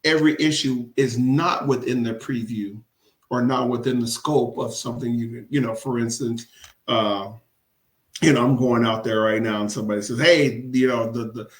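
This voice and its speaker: This city council candidate, who also serves as a commissioner, has a mid-range voice with a steady tone and a normal speaking speed. He talks emphatically and laughs a lot during a casual interview, doubling up words for stress, and the recording has room echo.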